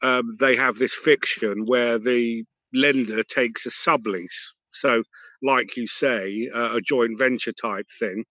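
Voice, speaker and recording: A man's voice: mid-range voice, fairly even intonation, takes it slowly, bright, forceful tone, no room sound. A man taking part in an online discussion, making a thoughtful point with a hesitant manner and many fillers. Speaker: participant. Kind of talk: discussion comment. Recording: dry, dull video call audio.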